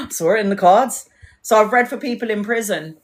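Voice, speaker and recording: A woman's voice: a little high, a little slow. Chatty, swearing woman live-streaming. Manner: chatty, animated storyteller who swears freely and acts out quotes. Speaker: tarot reader and live-stream host. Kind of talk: casual live-stream chat.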